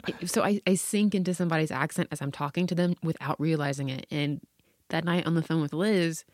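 A podcast co-host with a twangy Tennessee accent tells a story in casual chat, restarting often and laughing a lot. His voice is on the high side and brisk, recorded in studio quality with no echo.

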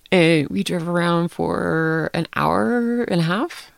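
A middle-aged woman telling a story in casual chat, animated and laughing often. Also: lowish voice, slow, creaky, no echo.

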